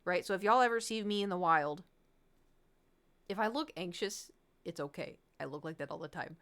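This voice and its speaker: A young woman chatting casually on stream from her home, her voice smooth and clear. She tells her stories with animation, acting out the lines of the people in them with giggles and nervous self-awareness. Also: lowish voice, moderate pace, fairly bright tone. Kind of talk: casual chat to stream viewers.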